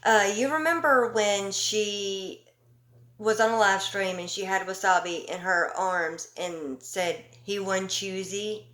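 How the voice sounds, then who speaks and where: Female commentary YouTuber, unhurried and emphatic, fillers and pauses, roomy echoey recording. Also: mid-range voice, fairly bright tone. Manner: slow, emphatic and indignant, with frequent ums and pauses. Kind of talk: casual opinion commentary.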